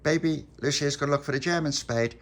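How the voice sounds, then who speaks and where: A man's voice: a little high, fast, pitched above the performer's own voice, lightly acted. A man doing an eager bossy little boy. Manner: excitable, stumbling over words.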